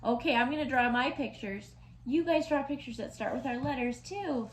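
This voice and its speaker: A woman teaching letters and sounds to young children in a slow, sing-song voice with exaggerated sounds. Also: high-pitched. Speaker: preschool teacher. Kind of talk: online lesson for young children. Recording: echoey room with faint noise.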